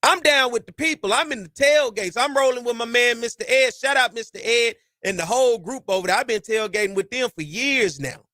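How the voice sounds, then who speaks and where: Man, podcast host, high and bright, dry close sound. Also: fairly quick, hardly any pauses, no room sound. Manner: animated, preachy, folksy slang. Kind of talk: casual sports talk.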